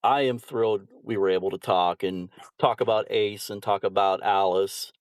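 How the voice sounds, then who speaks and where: A man's voice: fairly low pitch, steady tone, normal speed, dry recording. Dry-sounding male podcast host. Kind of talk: casual interview.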